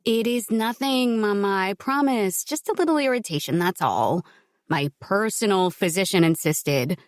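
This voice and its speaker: A firm, upbeat young wife who brushes off worry with brisk, teasing reassurance, as a woman narrator voices her. Her voice sits a little above the narrator's own. It is a storybook reading with a dry, close sound. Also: mid-range voice, lively intonation, dry recording, natural voice. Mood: reassuring.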